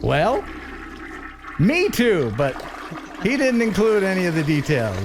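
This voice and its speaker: A man's voice: high voice, huge pitch swings, slow, background noise. A man hosting a casual live stream who laughs often and reads viewer messages aloud. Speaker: host.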